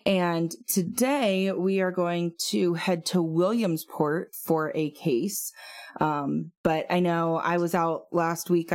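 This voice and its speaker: A woman's voice: low voice, a little mellow. A woman co-hosting a casual true-crime podcast, talking in a chatty way with lots of fillers and asides. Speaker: podcast co-host.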